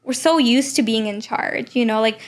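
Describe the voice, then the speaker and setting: A woman's voice: a little high, moderate pace. A young adult woman co-hosting a casual podcast about her work as a behavior analyst, talking in a chatty way full of "like" and "you know.". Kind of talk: casual conversational podcast chat.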